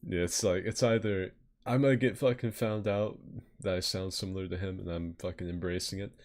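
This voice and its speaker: A man's voice: low-pitched, steady tone, brisk, darkish tone. A man hosting a podcast in casual chat, swearing and self-mocking, often laughing. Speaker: podcast host.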